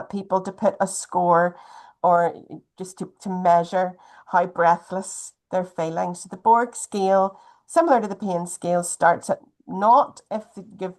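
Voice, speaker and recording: A woman giving a gentle, chatty health talk over a video call. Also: on the low side. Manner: gentle, chatty, uses wee often.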